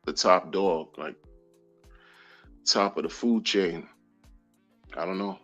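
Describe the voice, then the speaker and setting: A man hosting a casual crypto livestream, talking in an animated, slangy way with lots of repeated phrases. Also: low voice, slow pace. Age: adult. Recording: dull lo-fi audio with faint music.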